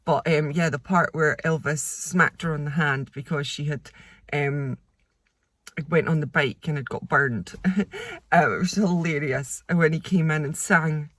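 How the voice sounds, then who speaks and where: A woman's voice: sits low, a little slow, a bit bright, no room sound. A woman reviewing a book in a casual vlog. She talks in an effusive, emotional way with many fillers. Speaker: vlogger.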